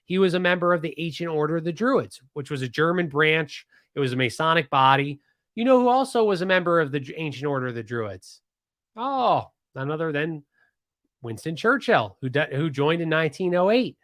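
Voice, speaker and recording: A podcast host from Pennsylvania spins a history tale at a brisk pace, casual and animated, with frequent restarts and side comments. He has a slightly high voice for a man, recorded dry and close with no room sound.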